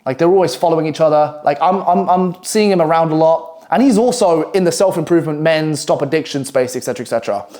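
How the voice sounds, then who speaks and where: A young man with a British accent tells a work story straight to camera in a loose, casual way. His voice sits a little higher than most men's. He swears often and breaks into quick, animated asides. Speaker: copywriter telling a work story.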